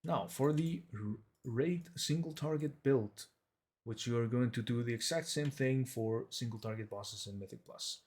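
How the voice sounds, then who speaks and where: A man talking through a game guide in a relaxed, chatty way, upbeat and a little goofy, with playful beeps and boops. His voice sits at an ordinary middle pitch. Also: normal speed. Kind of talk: casual gameplay tutorial.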